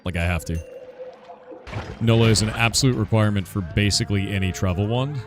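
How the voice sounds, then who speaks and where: A man's voice: fairly low pitch, fairly quick, over music. A man streaming a game in casual chat, thinking aloud and swearing under his breath as he plays.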